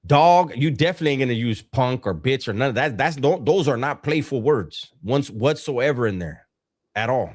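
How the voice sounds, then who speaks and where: A man's voice: medium pitch, expressive, moderate pace, darkish tone. A man, co-hosting a live stream, telling stories in casual chat full of street slang and swearing.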